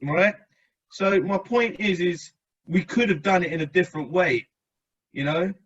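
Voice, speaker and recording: A man's voice: high voice, a little slow, fairly bright tone, husky, muffled recording. A man hosting a casual podcast discussion, talking in a rambling, chatty way and asking the others for their views. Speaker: podcast host.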